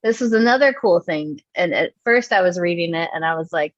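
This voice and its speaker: Female co-host, casual and chatty, low-ish voice, laughs a lot, dry and muffled mic. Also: animated, a little fast, no echo. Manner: chatty, laughs often, acts out quotes. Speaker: podcast co-host. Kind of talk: casual chat, storytelling.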